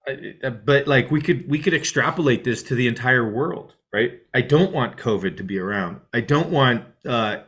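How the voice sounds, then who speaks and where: A man teaching a mindfulness class in a casual, rambling way, often checking in with "right?" and dropping to a soft hush to guide the breath. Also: mid-range voice, expressive, normal speed, few pauses. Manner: drops to a soft hush when guiding breath.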